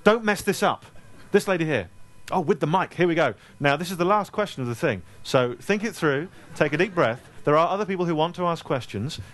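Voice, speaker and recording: A man, telling comic anecdotes to a live audience at a store event in a self-deprecating, animated way. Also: on the high side, brisk. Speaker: author speaking at a store event.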